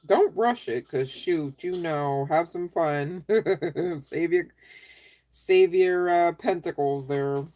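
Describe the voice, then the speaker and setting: A woman's voice: sits low, slow, dark tone. A woman doing a casual live tarot reading, chatty and giggly, speaking straight to her viewers. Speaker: tarot reader answering live chat.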